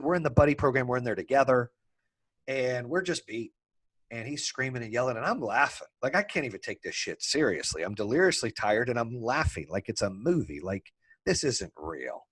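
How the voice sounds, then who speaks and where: A man hosting a podcast, telling a story in a casual, animated way, swearing freely and laughing as he talks. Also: medium pitch, slightly rough. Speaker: podcast host.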